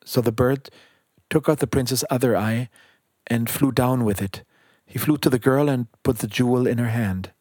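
A man reading a children's storybook aloud in a calm, steady narration. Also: medium pitch, normal speed, no room sound, studio quality.

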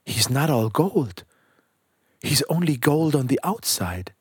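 A man's voice: mid-range voice, sing-song, takes it slowly, slightly rough, no echo, clean studio sound, heavily acted. A man voicing a small, kind-hearted male bird in a storybook reading, with a light, wondering manner. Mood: concerned.

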